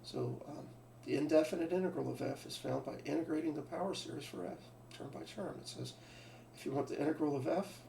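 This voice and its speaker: A man explains a math lesson out loud, often restarting his sentences and putting questions to the class. His voice is gravelly and sits a little high. The sound is picked up from a distance in an echoey room, with a faint hum behind it. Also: brisk, few pauses. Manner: thinking aloud, restarts, asks rhetorical questions. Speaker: math teacher. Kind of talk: lecture.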